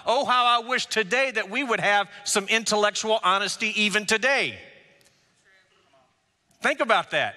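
A man preaching a sermon as pastor, emphatic, with rhetorical questions and drawn-out words. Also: high voice, expressive, sharp tone, big-room sound. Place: church sanctuary.

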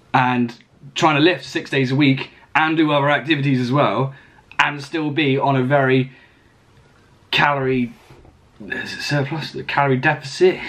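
A man's voice: fairly high pitch, a bit bright. A man in his twenties talking casually to camera in a vlog, rambling and self-mocking, swearing often. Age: 20s. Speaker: fitness vlogger.

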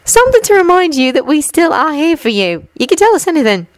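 A woman voicing a spirited teenage witch girl in a fan fiction audiobook, speaking brightly and teasingly. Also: sits high, sing-song, fast, no echo, pitched above the performer's own voice.

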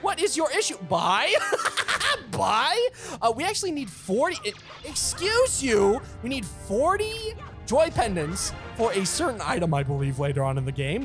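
A young man playing through a video game, chatting excitedly, laughing often and talking back to the game. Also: extremely high pitch, normal speed, music in the background. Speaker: gaming channel host. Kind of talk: let's play commentary.

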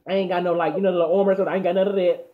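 A teenage boy from Texas telling a story in animated, slangy chat, often stammering and repeating himself. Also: high voice, very fast. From Dallas, Texas. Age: teens. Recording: dull lo-fi audio.

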